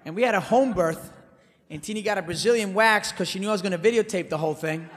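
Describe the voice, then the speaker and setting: A man performing a comic stage monologue in a theater, telling his story with animated swings between loud and hushed delivery. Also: high-pitched, fast. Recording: live hall reverb, faint background noise.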